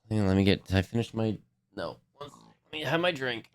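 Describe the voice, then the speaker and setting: A man's voice: fairly low pitch, animated, a little slow, no echo. A man chatting casually with viewers on a live stream, laughing often, his voice a little worn from talking.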